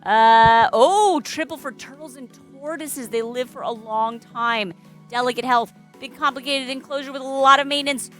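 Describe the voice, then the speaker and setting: A woman's voice: high voice, moderate pace, soft background music. A woman hosting a casual livestream as a balloon artist, chatty and playful, greeting viewers and making puns. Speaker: balloon artist streamer host.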